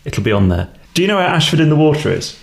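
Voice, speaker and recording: A man's voice: a little high, sing-song, fast, gravelly, roomy sound. Dry, teasing man reading listener questions. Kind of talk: casual chat.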